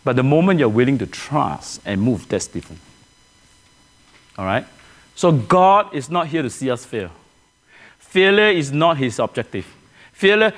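A man preaching a sermon to his church, earnest, often restarting phrases and asking the congregation questions. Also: on the high side. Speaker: pastor.

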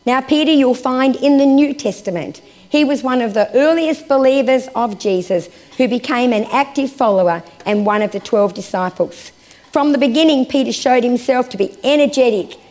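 Expressive woman preacher, hushed to lively. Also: on the high side. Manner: expressive, swinging from raised emphasis to hushed, slow phrases. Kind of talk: sermon with scripture reading.

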